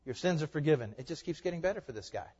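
Animated sounding preacher in a hall. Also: male voice, fairly high pitch, very fast, slightly rough, lo-fi sound. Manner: animated preaching, swinging from loud emphatic to soft and hushed. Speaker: pastor. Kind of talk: sermon.

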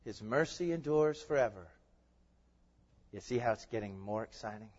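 A man's voice: mid-range voice, expressive, normal speed, darkish tone. Male preacher, emphatic sermon delivery, echoing church sanctuary, dull sound. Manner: emphatic, rising to fervent peaks. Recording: muffled sound with long hall reverb.

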